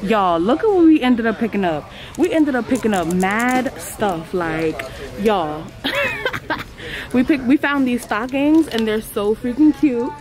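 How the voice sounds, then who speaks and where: Over music and the hum of a busy store crowd, a young woman chats slangily to her viewers on a handheld camera as she walks through the shop. Her slightly high voice has lively intonation and a somewhat slow pace.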